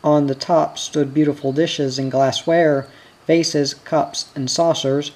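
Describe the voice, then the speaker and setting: A slow, unhurried reader narrating a children's book aloud. The voice is mellow and soft, with a calm, measured storytelling manner. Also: mid-range voice, poor audio. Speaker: audiobook reader. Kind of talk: reading a children's novel aloud.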